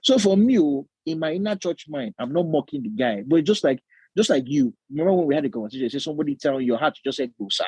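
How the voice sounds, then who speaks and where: Podcast co-host, young Nigerian man, husky and expressive, swings his pitch a lot, recorded dry. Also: fast, no echo, lo-fi sound. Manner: animated, acts out voices, laughs often. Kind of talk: casual chat.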